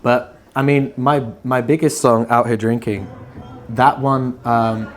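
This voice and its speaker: A man, a musician, chatting casually in an interview in a relaxed, rambling way that trails off softly at times. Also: mid-range voice, measured pace, background noise. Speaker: musician guest.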